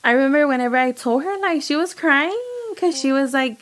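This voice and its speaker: A young woman speaks in a fairly high voice. She tells her story in animated casual chat, acting out what people said and filling it with "like". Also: fairly quick. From United States. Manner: animated, lots of "like" and quoted dialogue. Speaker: guest, home baker and business owner.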